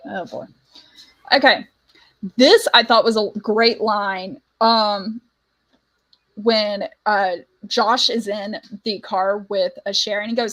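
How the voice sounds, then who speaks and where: A woman's voice: mid-range voice, fairly even intonation, takes it slowly, a bit bright, rough recording. A woman hosting a book club podcast in casual chat, laughing often as she quotes film lines. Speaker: parent.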